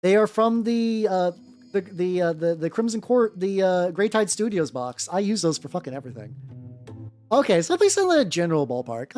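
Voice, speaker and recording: A woman's voice: fairly low pitch, big pitch swings, moderate pace, darkish tone. A woman chatting casually on a livestream while she paints miniatures, rambling with lots of restarts and casual swearing. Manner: rambling, with many restarts and stumbles. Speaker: VTuber streamer painting miniatures. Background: faint background music.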